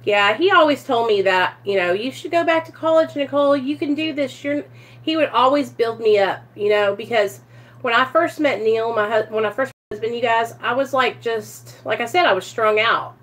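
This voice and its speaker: A woman's voice: fairly high pitch, normal speed, fairly bright tone. A young woman vlogging from home about her recovery, emotional and teary, sighing often and speaking straight to her viewers. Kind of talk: casual confessional vlog.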